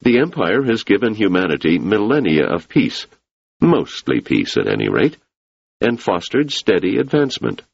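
A man's voice: on the low side, very animated, moderate pace, creaky, husky, dry recording, lo-fi sound, voice pushed up, exaggerated voice. A man reading the part of a cautious, reluctant male scholar who talks in a guarded, dry way.

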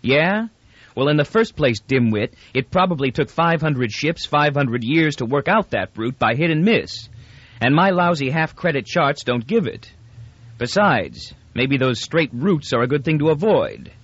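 A man doing a gruff, guarded young man. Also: a little high, very animated, unhurried, fairly bright tone, no room sound, muffled recording, pitched above the performer's own voice, full character voice. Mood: irritated. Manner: gruff, terse answers.

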